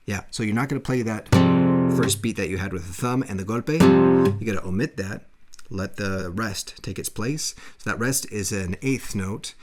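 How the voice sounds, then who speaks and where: A man's voice: lowish voice, normal speed. A man giving a step-by-step guitar lesson, explaining strumming patterns and counting beats aloud as he plays. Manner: counts beats aloud while playing, encouraging. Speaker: guitar teacher. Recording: loud guitar playing under the voice.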